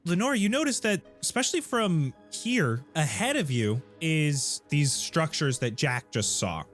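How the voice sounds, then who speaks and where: A man's voice: fairly high pitch, big pitch swings, measured pace, fairly bright tone, faint music behind. Man narrating a tabletop game. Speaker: game master.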